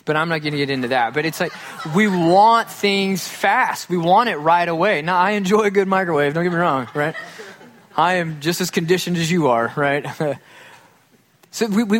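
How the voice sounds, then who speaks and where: With a somewhat high, slightly bright voice, a male pastor gives a relaxed, humorous sermon to his congregation. He keeps it conversational and jokey, performing small quoted scenes as he talks.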